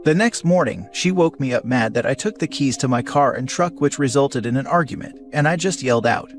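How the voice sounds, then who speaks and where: A man narrates a written post aloud in a steady, even storytelling voice. His pitch sits in the middle of the range. Soft music plays faintly underneath. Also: a little fast, few pauses. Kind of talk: reading an online post aloud.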